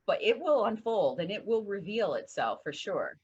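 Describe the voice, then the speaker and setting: A woman co-hosting a heartfelt discussion show, telling stories in an animated way and acting out quotes. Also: medium pitch, normal speed, slightly rough, muffled recording. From northern United States. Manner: animated storyteller, acts out quotes. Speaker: co-host.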